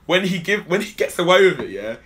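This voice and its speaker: A man's voice: high voice, very animated, fast talker, a bit bright. A man co-hosting a podcast, chatting casually and animatedly about a film, rambling and swearing often. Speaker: podcast co-host. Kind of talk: casual film review chat.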